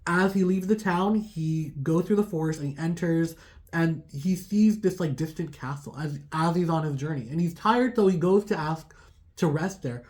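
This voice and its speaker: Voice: medium pitch, moderate pace, a little mellow. A tarot reader telling a folk tale in a chatty, casual way, full of fillers. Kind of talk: casual storytelling.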